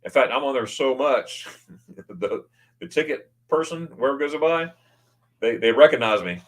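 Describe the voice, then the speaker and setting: With a medium-pitched, expressive voice at a moderate pace, an American man runs a casual stream from his desk, where he has a new microphone. He chats informally and reads comments from the audience aloud.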